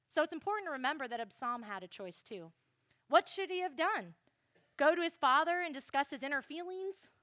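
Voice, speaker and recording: A young woman giving a classroom Bible lesson, animated and speaking straight to her listeners. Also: sits high, no echo, clean studio sound. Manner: animated, addresses listeners directly.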